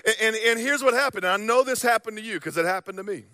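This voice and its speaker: A young man preaching a sermon, telling stories and acting out voices, swinging from loud to hushed. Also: sits high, fast, dry recording. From American South. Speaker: pastor.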